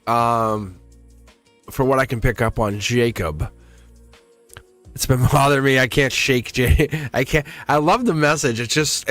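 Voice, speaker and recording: A man's voice: medium pitch, fairly bright tone. A man doing a live-stream tarot reading, talking casually to viewers and laughing often. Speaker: tarot reader.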